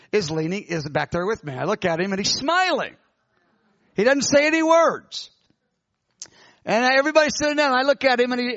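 A man, a pastor, telling a dream in a sermon, animated and halting with many restarts. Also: high voice, no echo. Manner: animated, halting retelling full of restarts and fillers. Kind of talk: sermon storytelling. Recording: dull lo-fi, dry sound.

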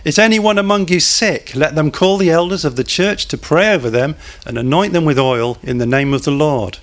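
A man's voice: on the high side, moderate pace. A man preaching a sermon in a church, talking conversationally, putting questions to the congregation and cracking small jokes.

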